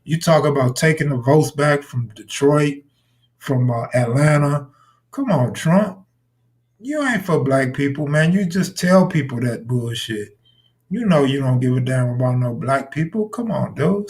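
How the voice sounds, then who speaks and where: A man's voice: medium pitch, expressive, unhurried, a little mellow. Blunt, profane man riffing on a live stream. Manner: blunt, profane, talks back to chat viewers. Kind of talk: casual live stream commentary.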